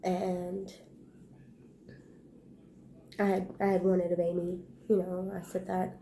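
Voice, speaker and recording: A woman vlogger speaks slowly and hesitantly, her voice low and gravelly with a warm, dark tone. She tells a personal story in a flat, subdued delivery, breaking off and restarting her sentences. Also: slight background noise. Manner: halting, hushed retelling with pauses and restarts.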